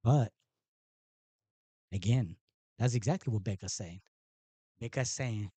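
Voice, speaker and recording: A man hosts a live stream in a loose, rambling way, his voice low and mellow. He talks with a mocking, sarcastic edge. The sound is dry and close. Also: slow pace, husky, dry recording. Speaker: livestream host. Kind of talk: casual live-stream commentary.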